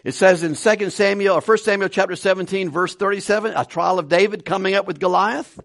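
A man preaching a conversational Bible study sermon with animated delivery and frequent chuckles. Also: high voice, fairly quick, creaky, no echo, clean studio sound. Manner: conversational, animated, laughs between points.

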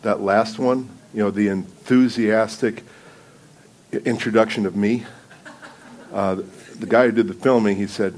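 A man's voice: lowish voice, moderate pace, crowd noise, background noise. A man speaking as guest preacher in a church, telling loose, self-deprecating stories and laughing often. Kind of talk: casual sermon opening with stories. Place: church sanctuary before a congregation.

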